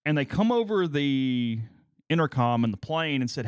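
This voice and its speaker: A man's voice: mid-range voice, lively intonation, moderate pace, clean tone, no room sound, clean studio sound. A male co-host in a casual chat, telling long stories and stammering on repeated words.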